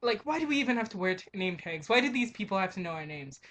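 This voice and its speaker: A woman's voice: medium pitch, very animated, quick pace, fairly bright tone. A young woman working as a grocery clerk, ranting in an exasperated, emphatic way with frequent swearing. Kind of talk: ranting vlog monologue.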